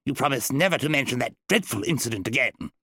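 A man's voice: medium pitch, animated, quick pace, sharp tone, a little hiss or hum. A man voicing a short, portly, balding wizard who is fussy, pompous and defensive. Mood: snappish.

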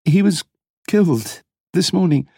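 A man's voice: sits high, lively intonation, unhurried, creaky, mellow, slightly rough, dry recording, studio quality, pitched above the performer's own voice, exaggerated voice. A man voicing a sobbing distraught wife. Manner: choked, speaking a few words at a time between sobs. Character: grieving woman, a distraught wife breaking down in tears.

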